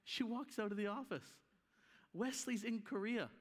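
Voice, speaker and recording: Man preaching, high voice, animated storyteller, long hall reverb. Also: moderate pace. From Canada. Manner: animated, acts out quoted voices. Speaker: conference speaker. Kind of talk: storytelling sermon. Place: church conference hall.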